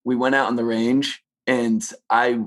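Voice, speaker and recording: A man's voice: medium pitch, level tone, unhurried, fairly bright tone. Male interview guest from Connecticut, mid-range voice, laid-back storyteller. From Connecticut, USA. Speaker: guest, brand general manager. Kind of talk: casual interview chat.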